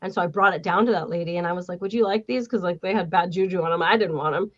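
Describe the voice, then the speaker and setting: Woman in her 40s, podcast host, salty animated storyteller, muffled lo-fi sound. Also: lowish voice, racing. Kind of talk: casual chat. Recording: dull lo-fi sound.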